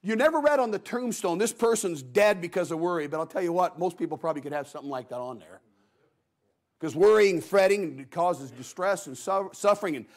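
A middle-aged man preaching a Sunday evening sermon in a folksy, animated way, acting out quotes as he tells the story. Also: high voice, brisk. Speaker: guest preacher.

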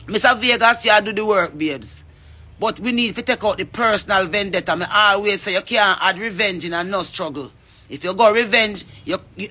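A woman's voice: medium pitch, sharp tone. A Jamaican woman giving an impassioned address, fervently calling on others by name to speak up. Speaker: reggae artist.

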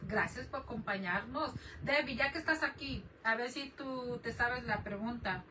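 A woman's voice: a little high, fairly quick. Chatty woman doing a craft stream from her desk, kinda far from the mic, bit of hiss behind her. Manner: chatty, laughs often, greets viewers by name. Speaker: craft channel host. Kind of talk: casual live-stream chat while crafting. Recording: distant mic with faint background noise.

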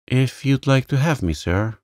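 A man's voice: mid-range voice, lively intonation, a little slow, a little mellow, dry recording, clean studio sound, voice pushed up, lightly acted. A man voicing a blunt, eager teenage girl who answers politely and briefly. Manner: polite, short answers ending in "sir".

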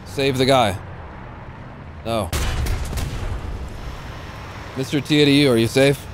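A young man with a mid-range voice livestreams a game at an extremely slow pace, chatting casually, teasing with playful jokes and breaking into bursts of cheering. His casual commentary sits over game noise, with gunfire and vehicle sounds in the background.

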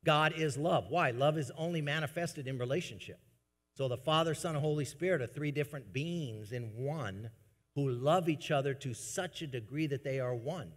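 A man preaching to his congregation, his fairly high voice swinging from quiet, low asides to loud, emphatic bursts. Long reverb from the church sanctuary trails behind every phrase. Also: moderate pace. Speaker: pastor. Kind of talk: sermon.

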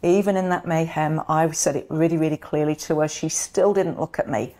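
Middle-aged woman from the UK, low voice, earnest interview guest telling her story. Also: fairly even intonation, fairly quick, mellow. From United Kingdom. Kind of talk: interview, personal account.

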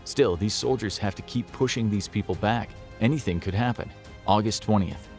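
Deep-ish guy doing serious documentary narration, music faintly underneath. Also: normal speed, darkish tone. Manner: grave, dramatic storytelling.

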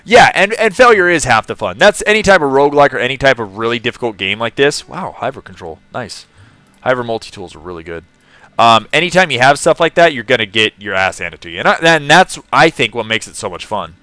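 A man's voice: medium pitch, very animated, brisk, sharp tone, clean tone, no echo. A man from California live-streaming a game, chatting casually, laughing often and greeting viewers in the chat.

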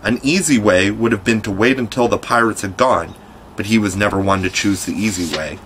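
A man narrating an audiobook with a fairly low voice. His reading is measured and steady, in a classic storybook manner. A faint hiss sits behind him. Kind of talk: scripted narration.

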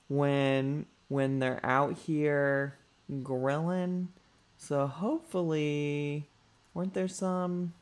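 A gaming YouTuber gives chatty let's-play commentary in a slightly high, slightly mellow voice, calling his viewers y'all and sassing his character.

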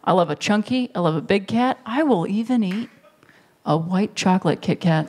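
Stand-up comic, thirties, live stage, storytelling, quick character voices, middle pitch, faint audience noise. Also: lively intonation, a little mellow, some chatter behind. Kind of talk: stand-up comedy set. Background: audience laughter.

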